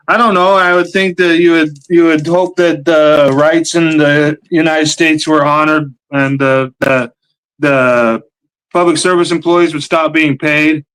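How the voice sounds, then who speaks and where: A man's voice: on the high side, a bit bright, clear, resonant tone, low-quality recording. A man speaking as a livestream guest, hesitant and full of fillers. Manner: hesitant, halting with many fillers. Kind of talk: casual chat.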